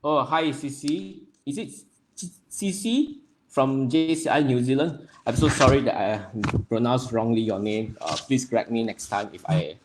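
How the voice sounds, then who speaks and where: Hosting a livestream, a young man from Nepal welcomes each viewer by name while reading the chat aloud. His delivery is relaxed and halting with lots of fillers, his voice sits at a middle pitch, and there's slight background noise.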